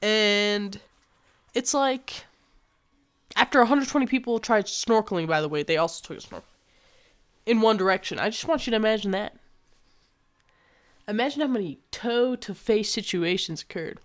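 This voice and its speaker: A young woman telling a casual storytime vlog, animated and slangy, swearing freely and acting out what people said. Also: medium pitch, normal speed, long pauses.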